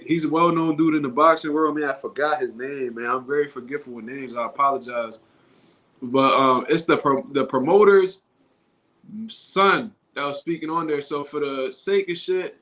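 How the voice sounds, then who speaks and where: A man's voice: a little high, moderate pace, a bit bright. A man talking casually on his own livestream, in loose street slang and often restarting his sentences. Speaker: boxing commentary YouTuber.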